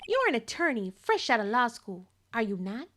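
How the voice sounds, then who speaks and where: A man's voice: very high-pitched, big pitch swings, normal speed, sharp tone, slight background noise, heavily acted. A woman reading the lines of an arrogant, condescending male corporate CEO from a video game in her own everyday voice. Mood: haughty. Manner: pompous, condescending.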